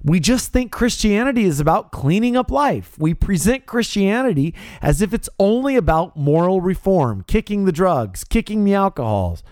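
A man's voice: high-pitched, sing-song, moderate pace, hardly any pauses, a little mellow, no room sound, clean studio sound. A man preaching a radio sermon as pastor, emphatic and building to stressed points. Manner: emphatic, rising to stressed peaks.

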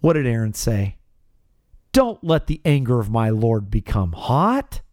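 A man's voice: very animated, measured pace, a little mellow, dry recording. Male radio preacher, emphatic, swooping delivery, dead-dry studio sound. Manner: emphatic, rising pitch on key words. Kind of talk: radio sermon.

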